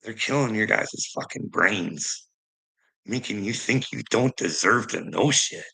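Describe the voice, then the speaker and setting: Man with a husky, raspy voice, sharp and forceful, ranting and swearing at his stream. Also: lowish voice, low-quality recording. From Canada. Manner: heated, swearing, confrontational. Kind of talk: angry profane rant.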